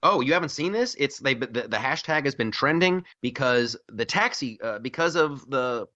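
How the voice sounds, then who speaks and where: A man hosting a casual talk radio show, telling stories in a wry, animated way with mock chants. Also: medium pitch, moderate pace. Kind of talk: casual political talk chat. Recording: slightly dull radio audio.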